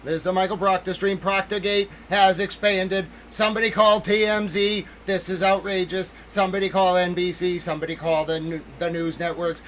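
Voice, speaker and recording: Man, high voice, excitable livestream host, emphatic commentary, faint background noise. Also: normal speed, few pauses, rough recording. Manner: excitable, emphatic, keeps repeating "listen to me"; talks to chat members directly by name.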